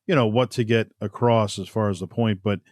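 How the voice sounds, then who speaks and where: A man hosting a podcast, asking brief, relaxed questions and giving short acknowledgments. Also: fairly low pitch, a little fast, no echo, studio quality. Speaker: podcast host. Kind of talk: casual podcast interview.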